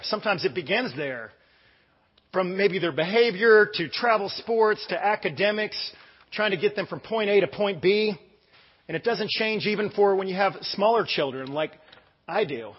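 A man's voice: high voice, breathy edge, big-room sound, lo-fi sound. A middle-aged American man preaching a casual sermon, telling stories in a chatty way with many fillers and restarts. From United States. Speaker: pastor.

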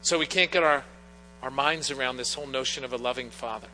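Quick and pushed, bright in a mid-range voice, this middle-aged pastor preaches an earnest sermon built on personal anecdotes. The sound comes from a church sanctuary with long reverb and faint mains hum.

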